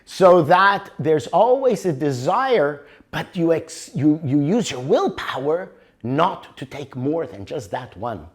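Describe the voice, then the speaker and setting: An older man teaching a motivational workshop, animated and always checking for agreement with the audience. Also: on the high side, slow pace, husky. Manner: animated, keeps asking for agreement. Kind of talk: workshop lecture.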